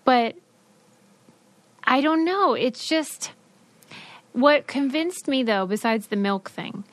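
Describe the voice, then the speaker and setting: A woman's voice: high voice, lively intonation, slow, no echo. Chatty woman podcast co-host, dry sound. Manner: chatty, explains a study with asides. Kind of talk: casual chat.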